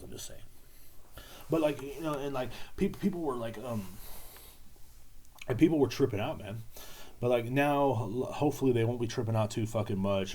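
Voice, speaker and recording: A young man rambles through a solo podcast, swearing freely and leaning on sarcasm. His voice is warm and mellow, at an ordinary middle pitch, and he keeps circling back with "man" and "you know" between loose thoughts. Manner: profane, rambling, sarcastic, with frequent fillers. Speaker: podcast host.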